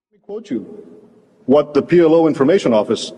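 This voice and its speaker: Man, debate guest, measured and argumentative, slightly husky, echoing archival broadcast sound. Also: on the high side, big pitch swings, dark tone, soft background music. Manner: measured, argumentative, quotes sources.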